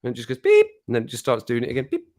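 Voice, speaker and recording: A man with a Black Country accent chats loosely on a livestream at an ordinary middle pitch. He rambles from one thought to the next and laughs often as he greets his viewers. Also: little pitch movement, very fast. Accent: Black Country English. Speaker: livestream host. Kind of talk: casual livestream chat.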